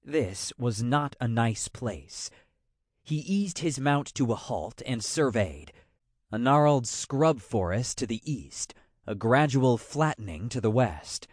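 A man narrating a fantasy audiobook in a measured, wry storytelling manner. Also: mid-range voice, animated, darkish tone, no room sound, studio quality.

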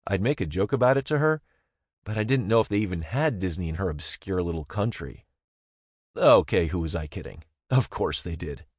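A man's voice: sits low, lively intonation, normal speed, breathy edge, no echo, studio quality. A young man reading a first-person novel aloud in a wry, easygoing way. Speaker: narrator. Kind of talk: first-person audiobook narration.

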